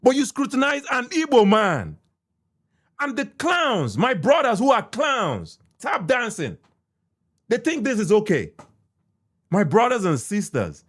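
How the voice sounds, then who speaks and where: Speaking with a Nigerian accent, a male podcast host offers fiery, repetitive remarks, shifting from shouts to asides under his breath. He has a high voice whose pitch swoops wildly, and he talks slowly with long pauses.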